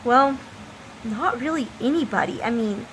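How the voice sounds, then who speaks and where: Vlogger woman, high voice, slow deliberate delivery, faint room ambience behind. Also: lively intonation, a bit bright, slight background noise, rough recording. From United States. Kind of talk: opinion monologue to camera.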